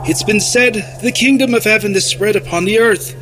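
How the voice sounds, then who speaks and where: Radio play: actor as a calm, patient angel, soft-spoken with music underneath. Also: male voice, high voice, fairly quick. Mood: gentle. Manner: calm, gently explaining. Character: gentle, patient male guardian angel. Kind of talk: live radio play acting.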